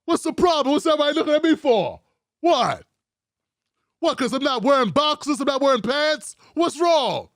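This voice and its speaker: A man's voice: very high-pitched, big pitch swings, normal speed, a bit bright, dry recording, clean studio sound, voice pushed up, heavily acted. A man doing a mocking impression of a brash, defensive older male politician who keeps feigning innocence. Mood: mock-innocent. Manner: mocking exaggerated impression, repeating questions.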